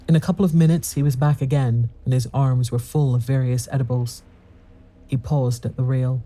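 A man narrating a classic horror story in a measured, steady storytelling manner. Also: mid-range voice.

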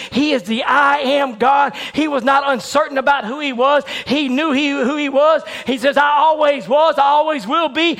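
High-voiced shouting male preacher. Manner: rhythmic preaching, swinging from shouts to hushed near-whispers; repetitive, building cadence. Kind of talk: sermon.

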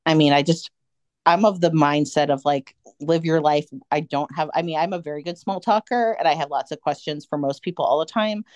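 A low-voiced woman co-hosting a casual podcast, chatty and animated, slipping into little acted-out quotes. The recording is dry and close, with no room sound. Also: fairly quick, no echo. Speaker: podcast co-host. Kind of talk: casual fan chat.

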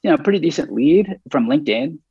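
A man's voice: a little high, dull audio. A man who calls himself a bit nervous, telling a story in a casual interview with lots of restarts and acted-out dialogue. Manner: self-described nervous, halting with many restarts; animated, acts out quoted dialogue.

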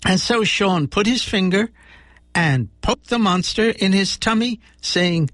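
A man's voice: high voice, measured pace, fairly bright tone, no echo, studio quality. A man hosting a radio show, reading a children's story aloud with voiced characters. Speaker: radio host.

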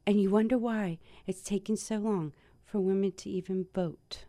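A woman's voice: medium pitch, fairly even intonation, normal speed, warm tone, dry recording. A woman speaking straight to her viewers in a casual monologue, wandering and searching for her notes, then heated and swearing. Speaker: video host.

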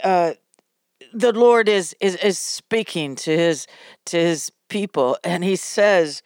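A woman hosting a ministry show, preaching a devotional sermon in a halting, fervent way, often repeating words and crying out in praise. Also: lowish voice, a little mellow, no room sound, clean studio sound.

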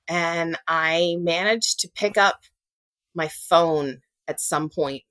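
Earnest woman with a low, dry voice. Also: a bit bright, no room sound. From Louisiana. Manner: earnest and halting, with restarts and quoted dialogue. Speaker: guest telling her story. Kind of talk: personal storytelling in a podcast interview.

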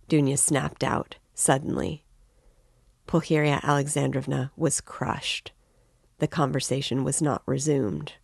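A woman reading a classic novel aloud in an even, measured narration. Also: a bass voice, vocal fry, husky, no room sound, studio quality. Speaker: reader.

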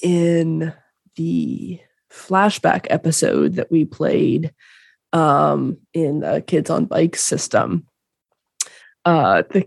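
Woman podcast regular with a gravelly, husky voice, lively pitch, dry close mic. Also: no echo. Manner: laughing, halting restarts. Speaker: podcast player. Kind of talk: casual chat.

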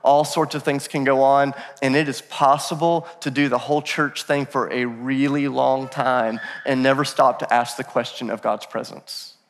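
A male pastor in his thirties preaching a sermon, telling stories in an animated way with self-deprecating humor. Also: mid-range voice, normal speed, hardly any pauses. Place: church sanctuary. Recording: long church hall reverb.

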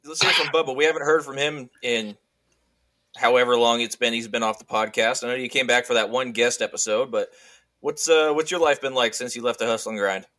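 Brief: mid-pitched male co-host, hesitant, lots of uhs. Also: a little fast, bright, forceful tone. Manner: hesitant, many fillers and restarts. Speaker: podcast co-host. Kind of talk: casual chat.

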